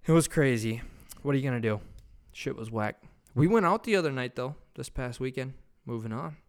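A young man on his own podcast, spinning a long, meandering story in casual chat. He talks loosely, swears freely and keeps circling back. His voice sits at an ordinary middle pitch. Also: lively intonation, a little fast. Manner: loose, profane, rambling anecdote telling. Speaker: podcast host.

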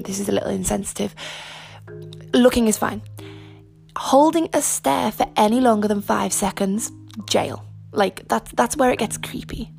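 A young woman hosting her own podcast in casual, chatty, self-mocking talk, a little husky today from lying on her front while recording. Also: a little high. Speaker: podcast host. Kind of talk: casual solo podcast chat.

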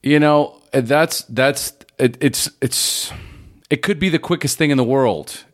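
A man hosting a podcast interview, talking in a reflective, halting way with frequent restarts. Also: mid-range voice. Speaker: podcast host. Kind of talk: conversational interview.

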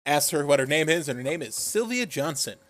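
A man's voice: on the high side, a little fast, dry recording. A man co-hosting a podcast, laughing often and swearing as he retells a show. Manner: animated, laughs a lot, profane. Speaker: podcast co-host. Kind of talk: casual recap chat.

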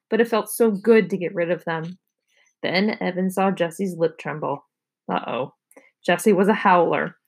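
A woman, a teacher, reading a children's novel aloud in an expressive storytelling manner. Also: lowish voice.

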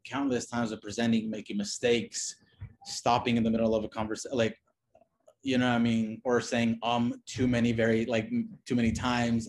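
A man chatting as an interview guest in a loose, easygoing way, circling back with "like" and "um" as he works out his thoughts. His voice sits at a middle pitch. Faint room ambience runs behind him. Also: a little mellow, a little hiss or hum. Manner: loose, conversational, many fillers and restarts. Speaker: designer and podcast guest. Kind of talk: casual interview chat.

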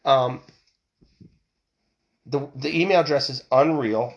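A man's voice: medium pitch, normal speed, pauses often, a little hiss or hum. A man hosting a podcast, talking casually and off the cuff, rambling and swearing freely. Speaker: podcast host. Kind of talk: casual solo political talk. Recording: dull lo-fi recording.

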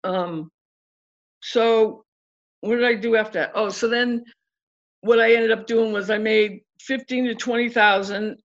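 A woman's voice: a little high, steady tone, measured pace. Candid woman in her sixties, muffled recording. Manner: candid, acts out remembered dialogue. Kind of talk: personal life story.

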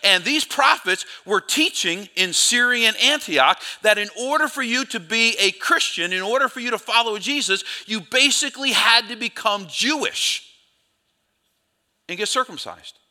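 A male pastor telling a Bible story in a sermon, in an animated way, with quick asides where he corrects himself. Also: high voice.

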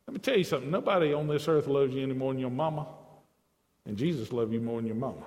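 A man's voice: medium pitch, quick pace, darkish tone, long reverb tail. A man preaching a sermon with passion, his delivery rising and dropping, repeating phrases for emphasis.

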